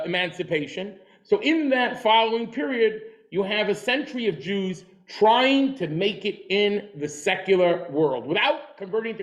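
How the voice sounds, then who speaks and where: A teacher with a high voice lectures a history class, heard through a muffled recording. He tells stories and jokes along the way, acts out quotes, and often repeats and restarts his words and sentences.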